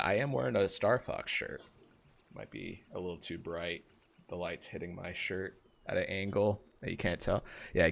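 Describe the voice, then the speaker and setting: Gravelly low-voiced male streamer. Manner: chatty, trails off quietly, then greets chat brightly. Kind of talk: casual live-stream chat with viewers.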